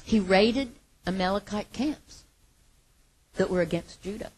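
A woman preaching a sermon with passion, her voice moving between hushed and loud. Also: mid-range voice, unhurried, breathy edge, low-quality recording.

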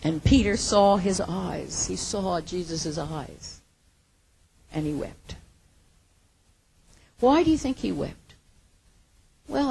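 A woman preaching a sermon, earnest, moving from hushed, quiet lines to emphatic ones. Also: on the low side, gravelly, slightly rough.

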